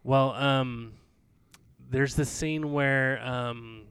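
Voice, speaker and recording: Smooth-voiced man recapping a movie. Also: medium pitch, fairly even intonation, very slow, a bit bright, dry recording. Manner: rambling, filler-heavy storytelling. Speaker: podcast co-host. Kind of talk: casual chat recapping a film.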